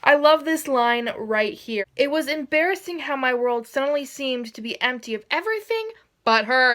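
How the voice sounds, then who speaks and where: A young woman book vlogger reacting to a novel as she reads, gushing, swearing and jumping into excited shrieks. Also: sits high, normal speed.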